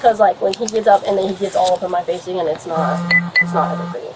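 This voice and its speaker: A woman's voice: fairly low pitch, quick pace, heavy background noise. Rambling young woman, swearing and saying like. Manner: rambling, full of fillers and swearing. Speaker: woman giving a statement to police. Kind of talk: recounting an argument to an officer. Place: at a home. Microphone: police body camera.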